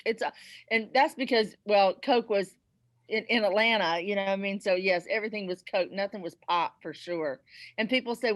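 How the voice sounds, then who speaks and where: A woman's voice: medium pitch, normal speed, no echo. Woman, Southern US accent, presenter, casual chat, laughs often, dry sound. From South Carolina, US. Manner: lively, laughs easily.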